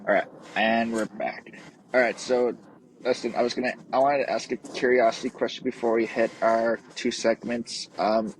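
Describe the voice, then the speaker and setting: A man hosting a podcast, asking loose, halting questions in casual interview talk. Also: medium pitch, flat delivery, slight background noise, poor audio. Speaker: podcast host.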